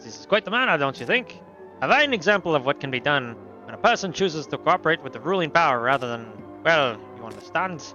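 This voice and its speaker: A man's voice: a little high, big pitch swings, fast, sharp tone, lo-fi sound, faint music behind. A man doing a pompous accented dinner host. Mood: smug. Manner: stately speech-giving with a put-on accent. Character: pompous middle-aged male collaborator host.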